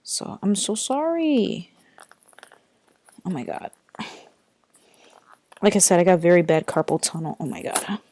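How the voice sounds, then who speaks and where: A woman's voice: lowish voice, sing-song, a little slow, long pauses, warm tone, slight background noise. A young woman vlogging casually from her bedroom, chatty and rambling with lots of fillers, tired, recorded on a built-in computer mic. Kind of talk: casual unboxing vlog.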